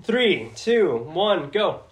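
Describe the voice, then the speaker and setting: A man in casual chat who teases his friend, counts down the rounds and laughs loudly. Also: sits high, sing-song, very slow, reverberant, slight background noise. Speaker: podcast co-host.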